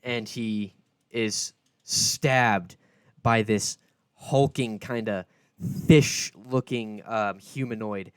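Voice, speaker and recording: A man with a low voice runs a tabletop session at an unhurried, easy pace. His voice is clear and close, with no room echo. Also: fairly even intonation. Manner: laid-back, descriptive narration. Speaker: game master. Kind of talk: narrating a tabletop game.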